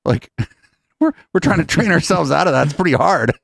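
A man's voice: a little high, lively intonation, normal speed, vocal fry. A man from California commenting on a clip in a casual, sardonic way. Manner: wry, sardonic. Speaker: podcast co-host commenting.

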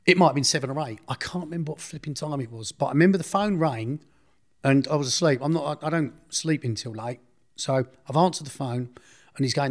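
A man's voice: mid-range voice, fairly quick. A middle-aged man, a podcast guest telling a long story in a casual, rambling way, often correcting himself and acting out what others said. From Essex, England. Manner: rambling, self-correcting, acts out others' speech. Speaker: interview guest.

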